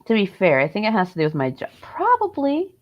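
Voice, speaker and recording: A woman's voice: fairly low pitch, animated, rapid-fire. A woman hosting a livestream, chatting casually with viewers, sarcastic and swearing a lot as she rants. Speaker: livestream host. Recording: dull lo-fi stream audio.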